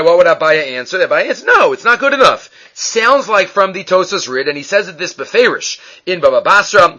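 High bright-voiced man teaching Talmud. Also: muffled recording. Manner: asks and answers his own questions. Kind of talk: Talmud class lecture.

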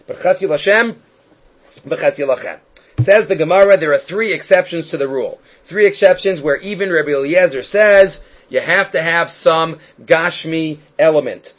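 Guy teaching a talmud class, kinda high voice, punchy emphatic delivery, muffled lo-fi audio. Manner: emphatic, rising and dropping sharply for stress. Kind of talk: Talmud lecture. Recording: dull lo-fi recording.

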